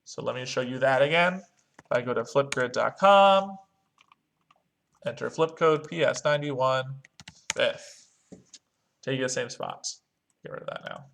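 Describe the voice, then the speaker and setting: A man's voice: mid-range voice, measured pace, creaky, long pauses, a bit bright, slight background noise. A male music teacher, walking young students through a screen-recorded online lesson step by step. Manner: talks through clicks step by step, chants rhythm syllables.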